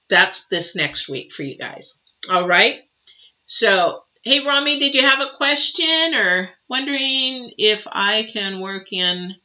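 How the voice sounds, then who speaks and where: Bright-voiced woman doing a chatty tarot reading. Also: medium pitch. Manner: emotive, chatty, reassuring, with many fillers and restarts. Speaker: tarot reader. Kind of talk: live tarot reading and viewer Q&A. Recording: dull lo-fi sound.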